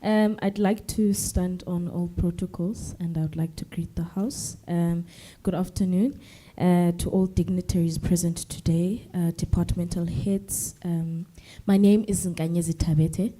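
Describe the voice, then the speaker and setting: A teenage girl from South Africa whose first language is Zulu addresses a formal forum as a student representative. She speaks politely and hesitantly, filling gaps with ums. Her voice is low and very dark. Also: fairly even intonation, measured pace, hardly any pauses. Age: teens.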